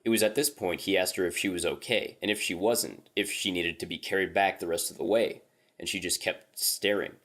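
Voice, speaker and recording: Deep-voiced man reading a horror story. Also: brisk, fairly bright tone. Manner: casual, profane storytelling tone.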